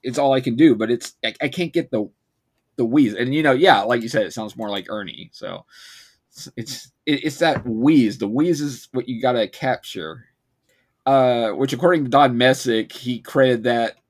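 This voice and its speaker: A man co-hosting a podcast, talking casually in a chatty, halting way with frequent laughs. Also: mid-range voice, breathy edge. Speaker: podcast co-host.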